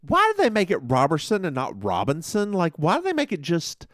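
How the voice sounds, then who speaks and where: A man's voice: fairly high pitch, huge pitch swings, brisk, dry recording. A man co-hosting a podcast, recapping a TV episode in a playful, rambling chat into a close mic. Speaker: podcast host.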